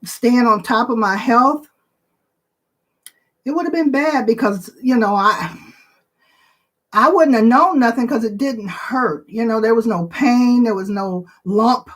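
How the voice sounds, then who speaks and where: Woman in her 60s chatting to her viewers, slow and emotional, kinda high voice. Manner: slow, emotional, tearful at times, with pauses and fillers. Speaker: channel host. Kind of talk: casual chat to viewers.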